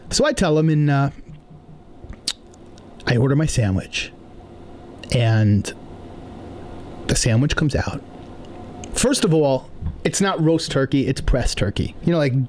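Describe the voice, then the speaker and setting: A man from New York telling comic stories in an indignant, animated rant on a podcast. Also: fairly high pitch, slight background noise. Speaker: comedian podcast host.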